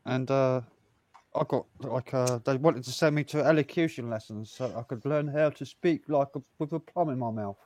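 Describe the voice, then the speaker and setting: A man's voice: mid-range voice, moderate pace, darkish tone. An English man, a music teacher, talking bluntly and down-to-earth in a casual chat.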